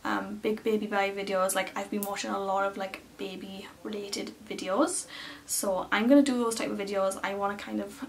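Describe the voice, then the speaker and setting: A young woman vlogger speaks in a medium-pitched voice with vocal fry, fairly even intonation, and normal speed. Talking casually to the camera from her small, cluttered room at home, she's chatty and full of fillers, retelling what others said. The recording is slightly distant with faint room noise.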